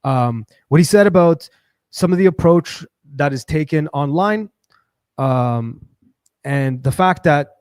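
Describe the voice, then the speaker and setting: Animated rambling man on a livestream. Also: a little high, takes it slowly, clear, resonant tone, no echo, clean studio sound. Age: adult with a daughter. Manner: animated, rambling, many fillers and restarts. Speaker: livestream host. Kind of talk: casual livestream monologue.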